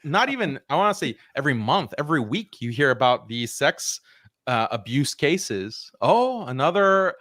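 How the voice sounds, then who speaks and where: A man's voice: medium pitch, animated, normal speed, fairly bright tone, no room sound. A man joining a casual online panel as a guest, questioning things in an incredulous way.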